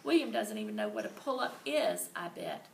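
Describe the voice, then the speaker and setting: A woman's voice: mid-range voice, animated, normal speed, gravelly, a little hiss or hum. A woman voicing a boastful kindergarten boy who scoffs at a classmate. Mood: scoffing. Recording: roomy and distant.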